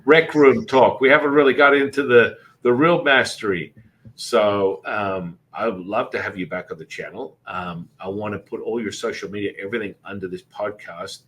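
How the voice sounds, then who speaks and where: A man with a fairly low voice hosts a casual podcast interview. He rambles, circles back and repeats himself, and he leans on filler words as he goes. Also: normal speed. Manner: does animated voices when telling stories. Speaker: podcast host. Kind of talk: casual spiritual interview chat.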